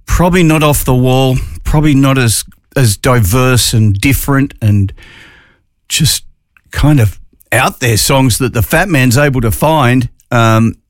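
A man's voice: medium pitch, dry recording. A man with an Australian accent presenting a community radio show in chatty, jokey, upbeat talk from a studio. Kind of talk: casual radio chat.

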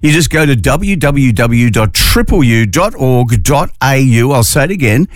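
A man's voice: mid-range voice, lively intonation, dry recording. Brief: Australian man, morning radio fill-in host, jokey and chatty, close dry mic. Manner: chatty, jokey, drawn-out phrasing. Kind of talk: casual morning radio chat.

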